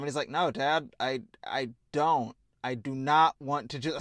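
A man co-hosting a casual podcast chat, animated and laughing, with frequent swearing and quick asides. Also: mid-range voice, no room sound, studio quality. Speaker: podcast co-host.

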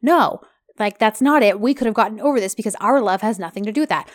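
A woman's voice: medium pitch, racing, dry recording. Woman chatting in a dry close sound. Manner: animated, retells scenes quoting the characters. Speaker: podcast co-host. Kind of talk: casual recap chat about a TV series.

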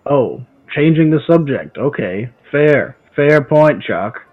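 A man's voice: medium pitch, expressive, slow, dry recording. A man cracking dry jokes as a player in a tabletop role-playing game. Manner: dry, wisecracking. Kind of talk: casual tabletop play. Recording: tinny phone-like call audio.

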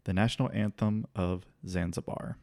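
This deep-voiced man speaks at a moderate pace while co-hosting a podcast, casually recounting a historical story. He restarts easily and laughs at times, all captured in a clean studio with no echo.

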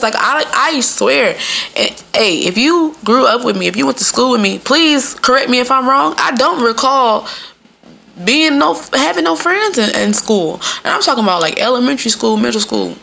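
A woman's voice: fairly high pitch, vocal fry, bright, forceful tone. A young adult woman hosting a podcast in casual, profane talk, laughing often and mimicking people in quotes. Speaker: podcast host.

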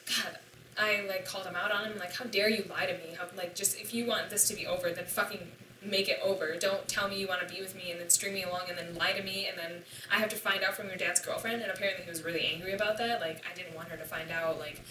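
A low-pitched young woman with a bright, forceful edge tells her story casually and swears freely as she acts out what everyone said. She is recorded from some distance in an echoey room. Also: slight background noise. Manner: candid and profane, acting out quoted dialogue. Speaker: podcast guest.

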